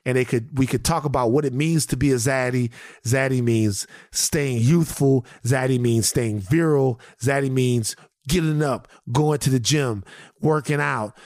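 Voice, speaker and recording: A man co-hosting a podcast, ranting in casual banter and breaking into mocking high-pitched impressions of his friends. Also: darkish tone, no echo, studio quality. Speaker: podcast co-host.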